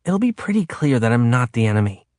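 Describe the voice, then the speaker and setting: A man's voice: mid-range voice, very animated, fast, a little mellow, dry recording, clean studio sound, close to an everyday voice. A man reading an audiobook, voicing a defiant young woman from Earth who teases and insists. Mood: insistent. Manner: teasing, confident.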